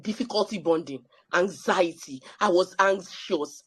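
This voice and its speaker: A woman's voice: fairly low pitch, normal speed, few pauses, breathy edge, no room sound. A woman sharing a personal story at a panel, emphatic and repeating phrases for effect. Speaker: panel speaker.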